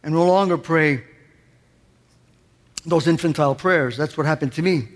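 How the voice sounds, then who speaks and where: A man's voice: fairly high pitch, moderate pace, in a large hall. A man preaching a sermon as pastor, impassioned, pressing his congregation with rhetorical questions.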